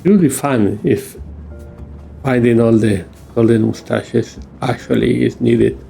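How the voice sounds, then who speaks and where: A man's voice: mid-range voice, a little slow, vocal fry, mellow, soft background music. A man hosting a game playthrough, commenting in a musing, playful way. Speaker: gaming channel host. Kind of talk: let's-play commentary.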